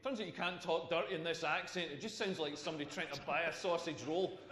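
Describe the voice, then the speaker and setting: A man's voice: fairly high pitch, quick pace, fairly bright tone. A Scottish man in his forties doing a rambling, self-mocking stand-up routine on a stage. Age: 40s. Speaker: stand-up comedian. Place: stage in a large hall. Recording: echoey hall from a distance.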